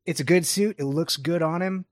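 A man co-hosting a casual podcast, talking in rambling, self-interrupting bursts with animated asides. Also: fairly high pitch, normal speed, no room sound, studio quality. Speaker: podcast co-host. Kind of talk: casual chat about a TV episode.

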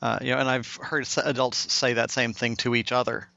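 Male podcast host, gravelly, bright, casual chat. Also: mid-range voice, flat delivery, brisk, no echo, highs cut off.

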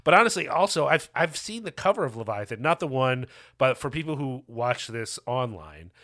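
A man co-hosting a movie podcast with a bright, forward voice. He rambles, often restarting his sentences mid-thought, and swears casually as he chats. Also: mid-range voice, sing-song, normal speed. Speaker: podcast co-host.

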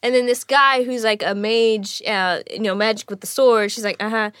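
A woman's voice: a little high, moderate pace, slight background noise. A woman voice actor in casual chat, telling a story with lots of laughter. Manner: giggly, animated storytelling.

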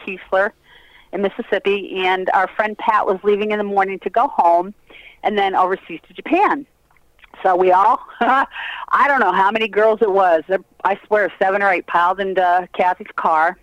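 A woman's voice: medium pitch, no echo, dull audio. An older woman telling funny stories in a casual interview, laughing often as she talks. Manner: lively, laughing storyteller. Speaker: guest, host's mother.

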